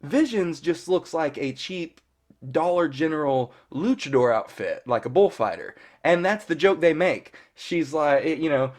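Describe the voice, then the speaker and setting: A man's voice: a little high, very animated, unhurried. A man in his thirties casually recapping a TV episode as a fan reviewer, rambling and filling his talk with "you know" and the odd curse word. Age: 30s. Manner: rambling, peppered with "you know" and mild cursing.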